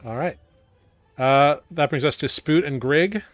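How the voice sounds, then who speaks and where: Unhurried male game master, dry close mic. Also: on the high side, no echo, faint music behind. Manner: relaxed, with frequent fillers and quick self-corrections. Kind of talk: narrating a tabletop game.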